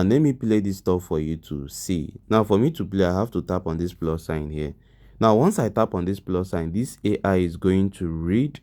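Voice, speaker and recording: Male tutor, deep and warm-toned, patient step-by-step guide who keeps asking viewers if they follow. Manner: explains step by step, asks viewers questions often. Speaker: tutorial host. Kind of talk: screen-recorded tutorial walkthrough.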